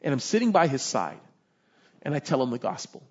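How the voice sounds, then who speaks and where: A man's voice: medium pitch, sing-song, brisk, a little mellow, breathy edge, highs cut off. A man preaching a sermon as pastor, impassioned and conversational, often asking his listeners to agree.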